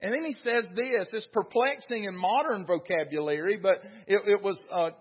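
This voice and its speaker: High, husky-voiced man preaching a sermon. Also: normal speed, dull audio. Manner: earnest storytelling preaching, retells scripture with acted quotes. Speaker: pastor. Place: church sanctuary.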